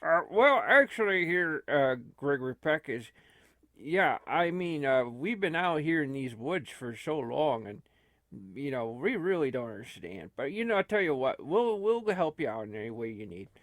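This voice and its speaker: A man's voice: a little high, big pitch swings, normal speed, fairly bright tone, no room sound. A man voicing a bumbling woodsman host who hesitates and fills his talk with "uh" in comic role-play. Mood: earnest. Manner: hesitant, filler-heavy.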